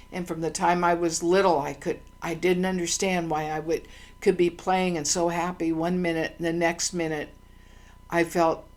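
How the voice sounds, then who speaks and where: Low-voiced woman telling earnest stories. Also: darkish tone. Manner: meandering, with frequent ums and restarts; earnest and heartfelt. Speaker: channel host. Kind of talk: casual personal storytelling monologue.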